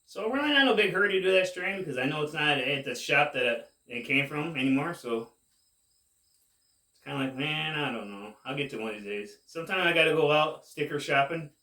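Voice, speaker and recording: A man casually rambling to camera as a cannabis vlogger, laid-back and drawn-out, saying "man" a lot, high while he talks. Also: animated, bright, forceful tone, echoey room, far from the mic. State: high, getting more stoned.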